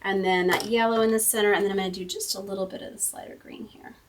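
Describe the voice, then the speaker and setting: A woman's voice: medium pitch, fairly even intonation, fast talker, far from the mic. Chatty woman demonstrating card-making. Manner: chatty, thinks aloud while working. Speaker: card-making tutorial host. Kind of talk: casual crafting demonstration. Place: home craft room.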